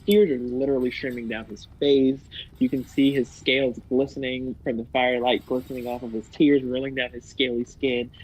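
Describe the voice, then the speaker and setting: Husky-voiced emotional game player. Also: male voice, mid-range voice, brisk, poor audio. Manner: emotional, swearing, animated. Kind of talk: describing his character in a tabletop game.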